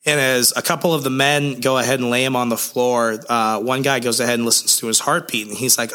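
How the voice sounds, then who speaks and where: A man's voice: mid-range voice, steady tone, fairly quick, hardly any pauses, sharp tone. A young man co-hosting a podcast, recapping a comic in a rambling, jokey way with lots of fillers. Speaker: podcast co-host.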